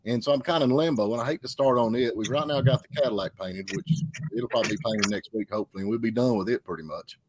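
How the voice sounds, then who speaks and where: A man's voice: medium pitch, darkish tone, breathy edge. A man chatting casually about old cars, telling folksy stories. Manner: fast folksy storytelling with Southern idioms.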